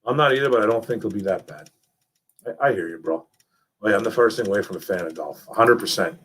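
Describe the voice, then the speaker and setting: With a lowish, husky voice and a fast delivery, a young man runs a laid-back live stream, going through chat and discussing football. He stays animated and repetitive, tossing out "man" and "bro" as he talks.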